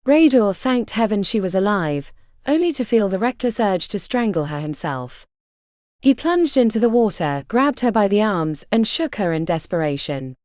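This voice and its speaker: A woman reads a historical romance audiobook with expressive, dramatic delivery. Her pitch rises and falls widely, her tone is mellow and soft-edged, and the recording is dry and close. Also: moderate pace, no room sound. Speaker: audiobook narrator. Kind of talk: scripted romance audiobook narration.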